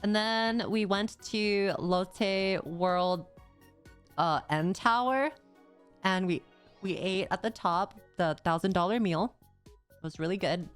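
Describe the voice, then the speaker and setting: Young female streamer, casual rambling chat; low-ish, smooth tone over faint music. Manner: rambling, casual slang, frequent "like". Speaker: VTuber streamer.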